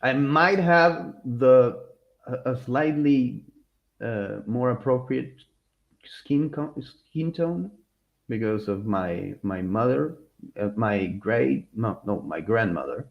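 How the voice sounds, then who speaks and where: Man, podcast co-host, casual chat, slow unhurried delivery, lively pitch, dull lo-fi sound. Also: vocal fry. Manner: animated, rambling with restarts and laughter.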